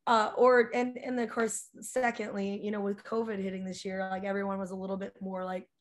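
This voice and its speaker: A woman from South Dakota, a rock singer, telling stories as a guest in a casual, animated way, with lots of "like" fillers. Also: medium pitch, a little fast. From South Dakota, USA. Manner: animated, chatty, many "like" fillers. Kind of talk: casual storytelling in conversation.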